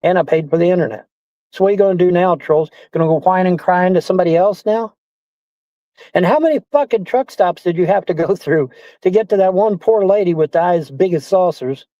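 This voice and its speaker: A man's voice: high voice, dark tone, no room sound. A man ranting on a livestream, swearing a lot and repeating himself as he complains. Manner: profane, repetitive, indignant. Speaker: streamer. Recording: dull lo-fi stream audio.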